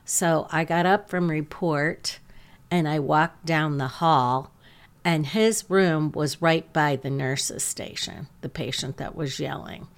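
A woman hosting a podcast, calmly telling a story about one of her patients as a nurse. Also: low voice. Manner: slow, calm, gentle storytelling.

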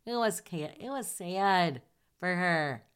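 Older michigan lady spinning a story, lowish clear voice, acts out what everyone said. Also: slow. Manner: animated, acts out past dialogue with laughs. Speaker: Navy veteran telling her story. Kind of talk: personal storytelling.

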